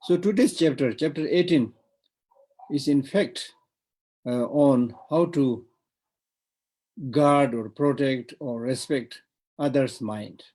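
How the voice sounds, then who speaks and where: A man's voice: mid-range voice, takes it slowly, pauses often, a little mellow, rough recording. A man with a Tibetan accent giving an online Buddhist teaching, talking in a discursive way with repeated words and frequent "you know".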